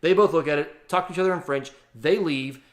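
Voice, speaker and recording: A man telling a travel story in a casual, animated, exaggerated way to his vlog audience. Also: on the high side, fairly quick. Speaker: vlogger.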